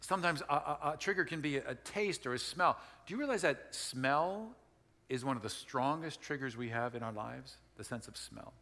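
There's slight background noise as a middle-aged pastor from Wisconsin, United States, talks through a folksy sermon at normal speed. His mid-range voice has a sharp edge, he repeats and restarts phrases often, and long hall reverb follows him.

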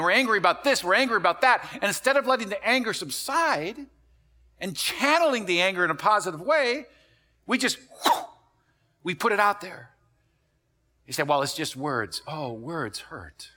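Animated, bright-voiced male pastor preaching. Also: high voice, moderate pace. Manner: animated storytelling with acted quotes; repeats words when building up. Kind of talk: sermon. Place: church.

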